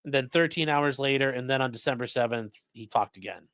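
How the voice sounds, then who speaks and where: A man's voice: medium pitch, fairly quick, a bit bright, no echo. A man hosting a true crime livestream, reading court papers aloud with sarcastic, profane asides. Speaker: host.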